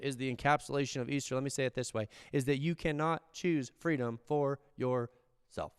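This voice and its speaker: A man preaching a sermon as a pastor, in earnest, swinging from hushed low lines to raised ones. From United States. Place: church.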